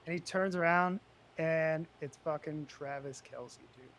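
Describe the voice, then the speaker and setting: A man in his thirties co-hosting a podcast, telling stories in casual banter and getting loud as he acts out his confrontations. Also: unhurried, no echo, lo-fi sound. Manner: animated storyteller, loud and high when retelling confrontations. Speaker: podcast co-host.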